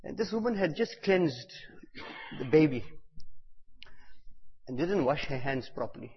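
A man giving a devotional talk, telling stories and repeating phrases for emphasis, at times bursting out loud on key words. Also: mid-range voice, animated, moderate pace, vocal fry, pauses often, breathy edge. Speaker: religious teacher. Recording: echoey hall, dull lo-fi sound.

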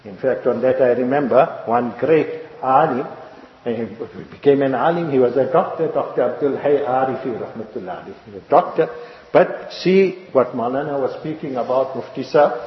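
A man's voice: medium pitch, normal speed. A man preaching a sermon, telling stories and asking the congregation rhetorical questions, repeating his points. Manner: rhetorical questions and repetition, storytelling. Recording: echoey lo-fi hall recording.

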